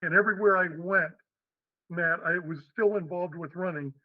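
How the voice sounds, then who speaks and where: A man's voice: sits high, moderate pace, no room sound, narrow, tinny audio. An older man from Western Pennsylvania, a podcast guest telling stories and acting out the voices in them. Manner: animated, acts out quotes. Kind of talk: storytelling interview.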